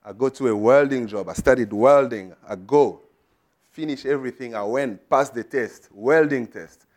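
A man's voice: mid-range voice, moderate pace. Emphatic man preaching a sermon. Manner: emphatic, rising to loud declarations.

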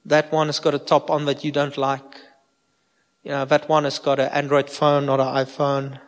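A man's voice: medium pitch, monotone, normal speed. A man, a pastor giving an informal sermon and asking his listeners direct questions. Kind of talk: conversational sermon. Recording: long hall reverb.

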